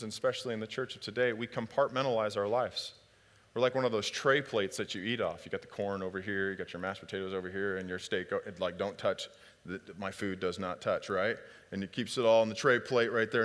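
A man preaching a sermon, lively and conversational, who acts out biblical dialogue in different voices. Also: lowish voice, fast talker. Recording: long hall reverb.

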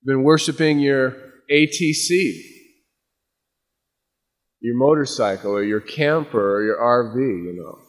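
Male pastor, mid pitch, conversational preacher with emphatic warnings, long church reverb. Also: a little slow, long pauses. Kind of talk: expository sermon.

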